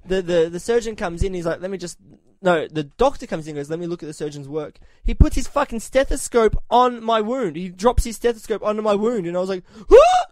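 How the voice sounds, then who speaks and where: A man's voice: high-pitched, brisk, hardly any pauses, no room sound. A man from Australia telling a story on a podcast in casual chat, swearing a lot and raising his voice when he quotes himself. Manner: profane, animated, shouts when quoting himself.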